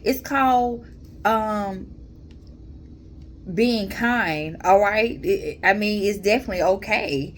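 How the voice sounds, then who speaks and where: A woman giving a casual tarot reading, talking to her viewers in a calm, mellow, chatty way and calling them y'all. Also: medium pitch, takes it slowly, long pauses, a little hiss or hum. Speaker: tarot reader.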